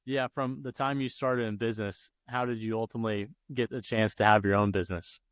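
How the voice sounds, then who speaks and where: A man hosting a podcast, asking steady, measured interview questions. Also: on the low side, dry recording. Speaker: podcast host.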